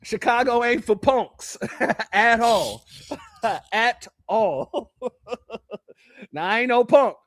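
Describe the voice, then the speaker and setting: A man's voice: very high-pitched, animated, very slow, long pauses, fairly bright tone, dry recording. A man from California giving casual commentary, laughing often and repeating himself. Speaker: commentary channel host.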